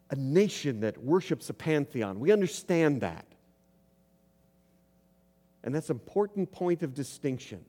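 A man's voice: a little high, darkish tone. A man preaching a sermon, reading scripture aloud and putting questions to his congregation in an earnest tone. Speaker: pastor. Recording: long hall reverb.

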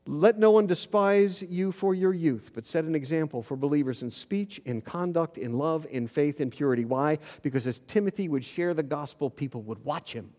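A middle-aged male pastor preaching with a fairly high voice, his words carrying a long echo through a church hall. He tells stories and climbs louder to drive points home. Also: moderate pace, few pauses. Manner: storytelling, rising loud for emphasis. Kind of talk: sermon. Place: church sanctuary.

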